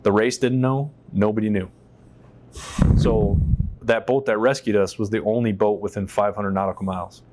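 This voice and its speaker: A man from the United States, a veteran guest, telling his story in an interview in an animated, profane way and acting out what people said. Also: on the low side, normal speed, slight background noise. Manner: animated, profane, acts out quotes. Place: on a stage in a shop.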